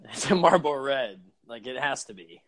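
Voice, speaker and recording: A man co-hosting a podcast in casual chat, relaxed, laughing often and calling people "dude". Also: medium pitch, moderate pace. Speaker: podcast co-host.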